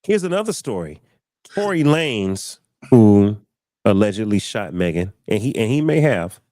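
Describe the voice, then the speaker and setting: Lively young man telling a story. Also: on the low side, moderate pace, dry recording, clean studio sound. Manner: acts out voices in his stories, preachy exclamations. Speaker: podcast host. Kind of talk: animated storytelling on a podcast.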